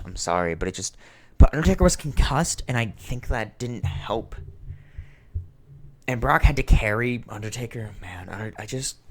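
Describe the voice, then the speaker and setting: A young man in his twenties talks through a wrestling review in a deep, low voice. He rambles with plenty of fillers, swears casually, and lets his feelings show openly. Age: 20s. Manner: emotional, sentimental.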